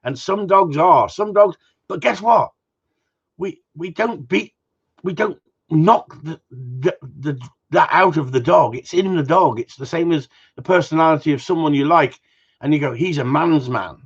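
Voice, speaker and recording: A man's voice: a little high, normal speed, breathy edge, lo-fi sound. A man who trains dogs, hosting a live Q&A and answering viewers' comments in a blunt, jokey way, swearing freely as he goes.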